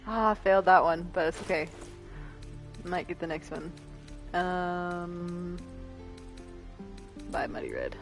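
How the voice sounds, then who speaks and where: Young woman gamer, game commentary, lively pitch, quick to laugh, soft game music underneath. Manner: giggly, laughs often; reads dialogue options aloud. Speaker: streamer playing a video game. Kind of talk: casual let's-play commentary.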